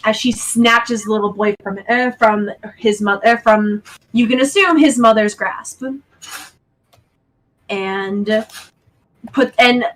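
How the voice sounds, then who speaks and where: Game master, woman, hesitant and giggly narration, higher pitch. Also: steady tone, slow pace, poor audio. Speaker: dungeon master.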